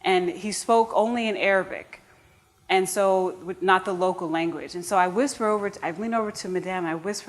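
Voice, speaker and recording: A woman from the United States telling a personal story live on stage, earnest and warm-humored, with restarts and asides to the audience. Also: medium pitch, a little fast.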